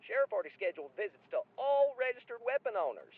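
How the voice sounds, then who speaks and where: A gruff deputy on a tinny phone. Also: male voice, very high voice, sing-song, quick pace, a loud crowd. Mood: grumbling. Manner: gruff, grumbling about bureaucracy. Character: overworked small-town male deputy on phone. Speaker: sheriff's deputy.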